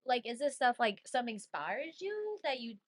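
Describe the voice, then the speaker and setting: A woman's voice: a little high, big pitch swings, unhurried. A woman hosting, asking curious, casual questions in a podcast chat.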